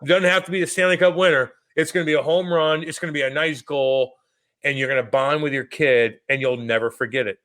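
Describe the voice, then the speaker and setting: Profane, animated man telling stories. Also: on the high side, brisk. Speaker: podcast co-host. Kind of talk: casual chat.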